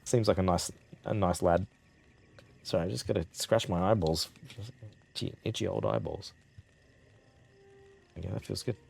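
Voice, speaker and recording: Low-voiced Australian man streaming casually. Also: normal speed, gravelly, pauses often, darkish tone, slightly rough. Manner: rambling, chuckles often, swears casually. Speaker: game streamer. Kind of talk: casual live-stream chat.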